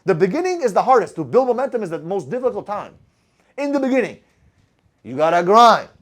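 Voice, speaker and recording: A man's voice: sits high, very animated, a little fast, fairly bright tone. A man coaching a live group on sales, blunt and profane, constantly firing rhetorical questions at his audience. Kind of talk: motivational talk to a live group.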